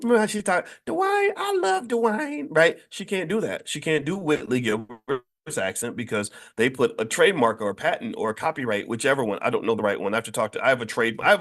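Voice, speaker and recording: A middle-aged man hosts a casual talk show, holding forth on money with animated energy. He talks in emphatic bursts, restarts his sentences often, and his voice sits at an ordinary middle pitch. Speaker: host and finance educator.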